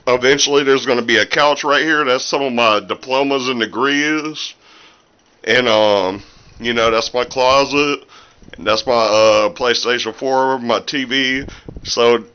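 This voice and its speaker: A man's voice: mid-range voice, a little slow, sharp tone, clear, resonant tone, low-quality recording. A man vlogging casually from his small home recording room, rambling with lots of fillers and slightly out of breath. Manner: rambling, filler-heavy, restarts often. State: a little out of breath. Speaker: independent musician and small seller. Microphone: camera's built-in mic.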